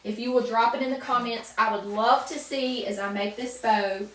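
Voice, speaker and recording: A woman with a North Carolina Southern accent hosting a live crafting stream, chatting warmly with viewers by name as she works. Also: a little high, fairly even intonation, moderate pace, roomy sound, distant mic. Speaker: livestream craft host.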